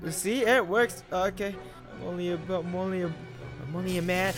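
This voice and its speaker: A man's voice: high voice, steady tone, brisk, faint music behind. A young man doing jokey horror game commentary, rambling to himself and yelping when startled. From Philippines. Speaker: gaming YouTuber.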